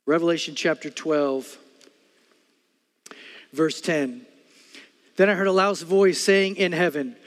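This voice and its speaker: Middle-aged preacher guy, kinda high voice, loud then hushed, big church hall echo. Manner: animated storytelling, swings between loud bursts and quiet earnest stretches. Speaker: pastor. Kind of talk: sermon.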